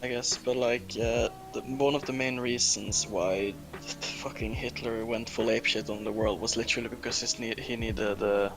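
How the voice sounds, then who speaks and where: A man's voice: medium pitch, steady tone, moderate pace, over music. Joking young-sounding man on a call. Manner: joking, offhand, swears casually. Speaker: stream guest. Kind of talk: casual chat on a voice call.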